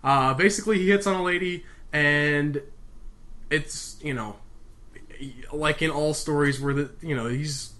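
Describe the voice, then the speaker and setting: A man's voice: a little high, bright, forceful tone. A young man hosting a casual, comedic book reading, full of rambling, sarcastic asides. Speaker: reader, host. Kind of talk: casual comedic read-aloud.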